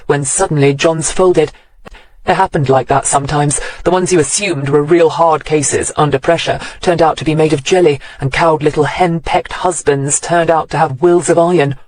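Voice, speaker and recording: A man narrating a mystery audiobook in an even, wry storytelling manner on a close studio mic. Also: fairly high pitch, no room sound.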